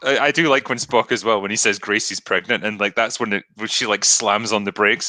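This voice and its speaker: A Scottish man talks through a film in a relaxed back-and-forth. His voice sits a little low but has a bright, forceful edge. The sound is dry and close, and he slips into quick impressions of the characters. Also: no echo. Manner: laughs often, acts out quotes. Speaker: podcast host. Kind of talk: casual film discussion.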